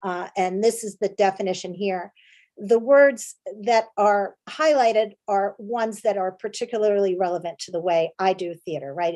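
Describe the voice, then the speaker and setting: An American woman talks through a presentation about her theater work. She speaks in a relaxed, conversational way, full of ums, uhs and restarts. She sounds like she is on a video call. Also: mid-range voice. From United States. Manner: chatty with frequent fillers and restarts. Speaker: playwright and director giving a talk.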